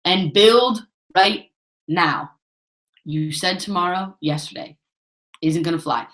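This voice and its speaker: A woman's voice: lowish voice, takes it slowly, fairly bright tone, roomy sound, rough recording. A woman giving a motivational sales training talk, urging her team on and repeating herself for emphasis. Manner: pep-talk, repeats herself, keeps saying "guys". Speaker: network marketing trainer.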